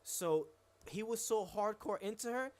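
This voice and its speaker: A man's voice: high voice, unhurried. Rambling, profane man on a live stream. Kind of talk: casual chat.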